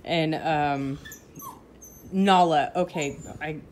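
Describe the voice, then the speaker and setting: A woman with a fairly low voice chats casually at home, rambling through everyday stories. She keeps the tone easy and conversational, with a faint hiss in the background. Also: moderate pace, darkish tone. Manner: chatty storytelling, breaking off to scold her dogs. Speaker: vlogger. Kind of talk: casual chat. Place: home with pets.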